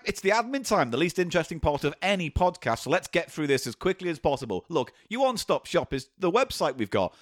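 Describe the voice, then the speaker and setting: A man hosting a comedy podcast, rattling through plugs in a jokey, crude way. His voice sits a little high for a man, recorded close and dry with no room sound. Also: no echo. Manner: jokey, crude, brisk admin patter. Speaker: podcast co-host. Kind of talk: casual comedy podcast chat.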